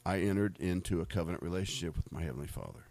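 Speaking at a racing clip, a middle-aged American man with a deep, creaky, somewhat mellow voice tells faith stories. It's a casual, rambling testimony, and he frequently repeats words and laughs.

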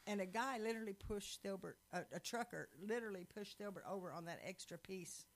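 A woman preaching a sermon, telling lively stories with laughter. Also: medium pitch, brisk, low-quality recording. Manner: animated storytelling with laughs.

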